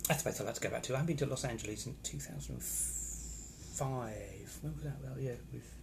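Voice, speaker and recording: A man talks casually on a live stream from a hotel room. He rambles and reacts to viewers' comments as he goes. His voice is mid-pitched with a gravelly edge, and there is a faint hiss in the background. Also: a little fast. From England. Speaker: vlogger reading live comments.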